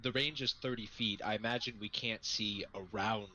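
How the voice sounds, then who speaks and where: A young man at a gaming table eagerly lays out his plan, his voice bright and forceful. His pitch sits slightly low, and a faint noise hums behind him. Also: steady tone, normal speed, poor audio. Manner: eager, explaining plans. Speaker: player. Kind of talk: casual tabletop game chat.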